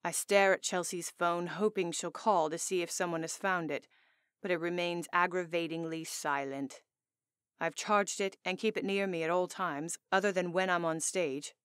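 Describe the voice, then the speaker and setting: Smooth low-voiced woman audiobook narrator. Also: fairly even intonation, normal speed, a bit bright, no echo, clean studio sound. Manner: intimate, earnest storytelling. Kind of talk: first-person romance audiobook narration. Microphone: close studio mic.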